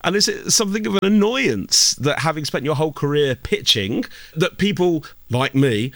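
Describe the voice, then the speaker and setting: A man hosting a radio sports program, narrating a script and interviewing a guest in a measured, polished way. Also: a little high, lively intonation, a bit bright, no echo. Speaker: radio host.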